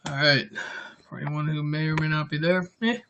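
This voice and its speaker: A man's voice: on the high side, fairly even intonation, moderate pace, gravelly, pushed and bright, muffled recording, slight background noise. A young man hosting a casual livestream, greeting viewers by name and joking around. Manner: chatty, greets viewers, jokey. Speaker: livestream host.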